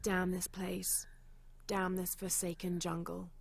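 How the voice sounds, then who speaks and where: An actress voices a female video game adventurer, reading old journal entries aloud in a measured, serious, grim way. Her voice is lowish with little pitch movement.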